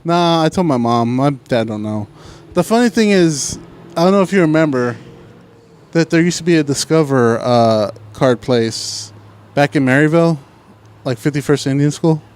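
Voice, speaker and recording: A man on a casual podcast, retelling a phone argument with lots of energy. He jumps between his own lines and the other caller's lines as he acts both parts out. His voice sits a little high for a man. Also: animated, moderate pace, a little mellow, clean tone. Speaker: podcast co-host. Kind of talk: casual storytelling chat.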